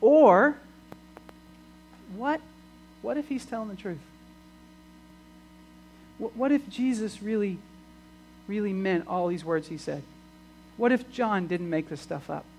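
A man's voice: sits high, slow, long pauses, a little mellow, a little hiss or hum, poor audio. A man preaching a sermon, repeating words as he restarts phrases and rising into emphatic bursts.

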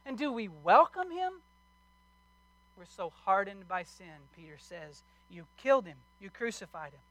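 Man, pastor, sermon, earnest questioning, bright voice, deliberate scripture reading. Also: sits high, big pitch swings, low-quality recording. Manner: earnest, asks the congregation pointed questions.

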